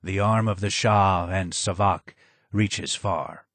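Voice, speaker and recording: A man doing a low, hoarse, broken old advisor. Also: steady tone, fairly bright tone, dry recording, heavily acted. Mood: sorrowful. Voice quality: low and hoarse, slow and measured. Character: broken old male former royal advisor, hoarse, sad.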